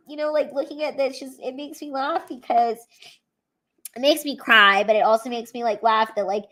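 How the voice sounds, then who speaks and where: Young woman comic on a casual livestream; high voice, emotional and teary, loose and profane. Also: moderate pace, bright, forceful tone. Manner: emotional, swearing freely, rambling with many "like"s. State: tearful. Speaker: comedian livestreaming to fans.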